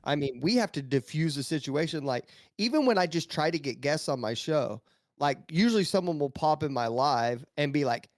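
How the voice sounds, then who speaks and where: A man's voice: fairly high pitch, a little fast, dry recording, studio quality. A man telling stories as a guest on a casual podcast, with many restarts. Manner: storytelling, animated, many restarts.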